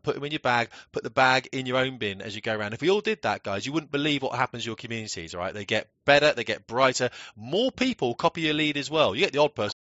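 A man's voice: medium pitch, bright, forceful tone, dry recording, highs cut off. A man speaking earnestly to his viewers in an urgent, emphatic way. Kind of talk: earnest direct-to-camera talk.

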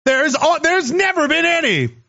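A man's voice: extremely high pitch, sing-song, moderate pace, creaky, sharp tone. A man in a heated, profane, sarcastic political rant. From Canada. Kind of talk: angry political rant to camera. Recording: dull lo-fi audio.

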